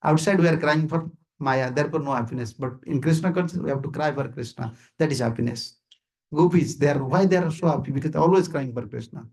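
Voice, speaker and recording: A man with an Indian accent preaches informally to a small gathering in a house, with a gravelly and somewhat husky voice. He repeats key phrases for emphasis and keeps asking his listeners whether they understand. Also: fairly high pitch, quick pace, darkish tone. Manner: repetitive, emphatic, asks listeners "you understand?", chuckles often. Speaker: visiting swami giving a talk. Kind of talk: informal sermon to a small group.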